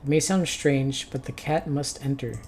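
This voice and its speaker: A man voicing a calm, cryptic stranger who speaks prophecies in a hushed, slow way in a video game. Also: medium pitch, slight background noise, lightly acted. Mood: ominous.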